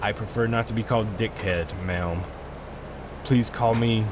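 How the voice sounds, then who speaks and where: A man's voice: lowish voice, steady tone, a little slow, noisy background. A man giving casual gameplay commentary on a stream, rambling and swearing in frustration, talking into a desk microphone. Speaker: gaming streamer.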